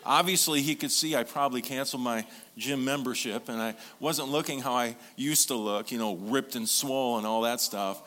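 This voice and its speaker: A man's voice: medium pitch, moderate pace, hardly any pauses. A man preaching as pastor, telling stories and calling on his congregation to respond. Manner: lively storytelling with congregation call-and-response. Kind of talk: sermon.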